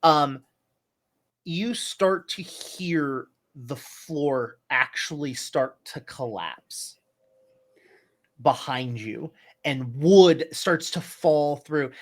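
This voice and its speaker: A man narrating a tabletop horror game as game master, with many halting restarts and fillers. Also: on the high side.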